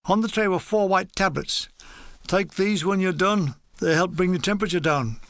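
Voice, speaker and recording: A man's voice: high voice, moderate pace, fairly bright tone, no echo. A man reading a comic wartime memoir aloud, with dry timing and voices for the dialogue. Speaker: audiobook reader.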